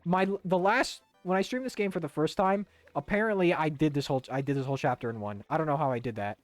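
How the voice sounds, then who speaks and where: A man's voice: a little high, fast, no room sound, faint music behind. A man streaming a video game, giving loose, rambling commentary with some swearing.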